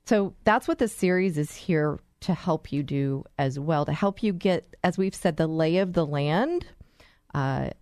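A woman's voice: low-pitched, a little mellow, smooth, dry recording, clean studio sound. A woman hosting a talk show, addressing listeners in an enthusiastic, storytelling way. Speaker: host.

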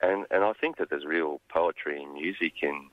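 A very deep-voiced Australian man speaks as a songwriter guest in a radio interview. He talks in a thoughtful, halting way and often restarts his sentences. The sound is dull and dry, like a dead studio booth. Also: dry recording. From Gippsland, Australia.

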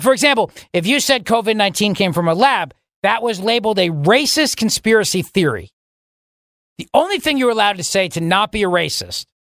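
A man hosting a political talk radio show, delivering a sarcastic, mocking monologue with sudden jumps in pitch for emphasis. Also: a bit bright, no room sound, studio quality.

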